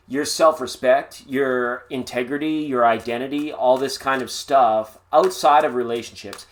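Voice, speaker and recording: A man doing a live-stream tarot reading in a chatty, playful way with sing-song asides. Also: mid-range voice. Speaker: tarot reader.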